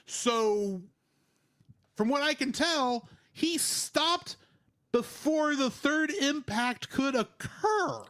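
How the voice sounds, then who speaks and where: A man's voice: very high-pitched, animated, extremely slow, a bit bright. A man co-hosting a podcast, asking questions and chatting casually about a show. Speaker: podcast co-host. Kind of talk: casual review chat.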